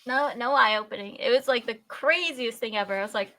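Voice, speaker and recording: A young woman, a podcast guest, telling a story in animated casual chat, laughing often and acting out her own reactions with loud squeals. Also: fairly high pitch, brisk.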